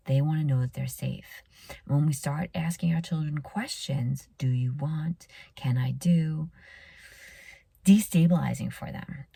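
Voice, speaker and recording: Low-voiced woman giving parenting advice. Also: gravelly, breathy edge, no room sound. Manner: earnest, repeats key phrases, often drops to a hushed near-whisper. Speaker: pediatrician podcast host.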